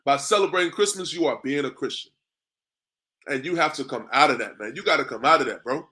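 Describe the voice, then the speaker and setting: A man's voice: a little high, a little fast, pushed and bright. A man preaching a street sermon to a class. He talks conversationally, drops in "man" and "bro", and keeps asking "you understand me?". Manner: repetitive, asks "you understand me?" often.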